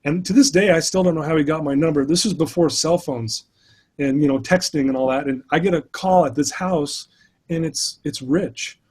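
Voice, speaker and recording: Husky man telling his story earnestly. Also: on the high side, normal speed, a little mellow. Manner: earnest, candid recounting of struggles. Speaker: speaker and addiction mentor. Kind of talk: personal storytelling in an interview.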